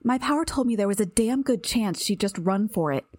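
A woman voicing a sharp, impatient young woman who talks briskly and dismissively, in an audiobook reading. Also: mid-range voice, animated, dry recording, studio quality, pitched above the performer's own voice, lightly acted.

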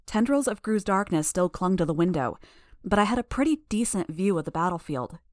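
Woman reading an audiobook, lowish voice, steady pace, dry sound. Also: a little fast, no room sound. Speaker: audiobook narrator. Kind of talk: first-person audiobook narration.

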